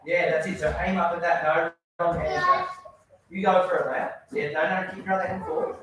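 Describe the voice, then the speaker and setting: A man's voice: a little high, fairly even intonation, a little fast, a bit bright, a little hiss or hum. A man teaching a children's karate class, giving instructions and praising his students often. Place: indoor training hall. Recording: very echoey hall, mic far off.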